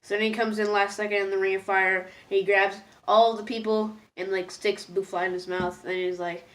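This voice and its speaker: A woman talking through a casual spoken review at a middle pitch, rambling and hesitant with plenty of fillers. She is easily moved and laughs at herself. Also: flat delivery, normal speed. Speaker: episode reviewer.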